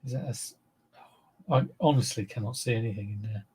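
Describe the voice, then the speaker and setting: A man's voice: lowish voice, a little fast, a little mellow, husky. A man hosting a casual reseller livestream, chatting to viewers in a rambling way while he handles and lists items.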